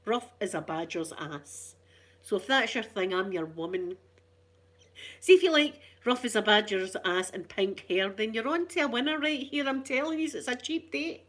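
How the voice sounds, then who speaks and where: Her voice is fairly high and her speed normal as this Scottish ASMR host chats away casually. She's cheeky and rambling, a storyteller who loves to poke fun at herself.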